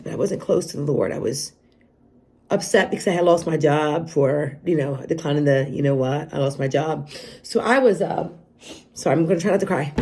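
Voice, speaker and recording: Gravelly, low-voiced woman vlogger. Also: darkish tone. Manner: earnest, halting, confessional. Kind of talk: personal testimony vlog.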